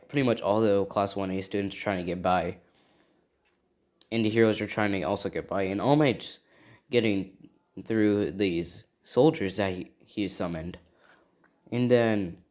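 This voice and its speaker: Man improvising a rambling fan story; low voice, slow pace. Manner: rambling, loosely chained "and he says".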